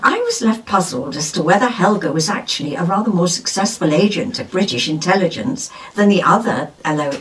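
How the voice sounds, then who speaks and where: Woman co-host, reads listener mail with lively, expressive delivery, sits back from the mic. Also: medium pitch, recorded from a distance, rough recording. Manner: lively, expressive reading with laughs. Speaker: podcast co-host. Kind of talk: reading a listener letter aloud.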